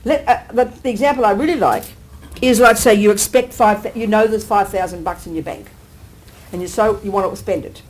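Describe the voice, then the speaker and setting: A woman Buddhist teacher giving a live talk, animated, often asking her listeners whether they agree and acting out everyday exclamations. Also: medium pitch, brisk, low-quality recording. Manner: acts out everyday exclamations with sudden lifts. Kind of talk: live dharma teaching to an audience.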